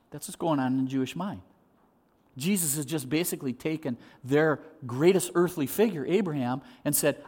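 Casting male preacher, slightly high voice, lively sermon delivery, acts out quotes. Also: normal speed. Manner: animated, acts out quoted voices, repeats words when restarting. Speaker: pastor.

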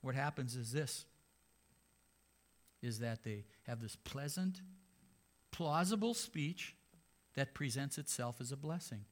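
A man's voice: mid-range voice, lively intonation, slow, long pauses. A man, a pastor, preaching a sermon in a conversational way, with sarcastic asides.

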